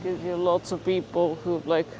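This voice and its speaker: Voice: medium pitch, flat delivery, moderate pace, warm tone, lo-fi sound, slight background noise. A vlogger chatting casually on a walking livestream, laughing often and reading chat aloud from a handheld phone outdoors. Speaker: live-streaming vlogger. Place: outdoors on city streets.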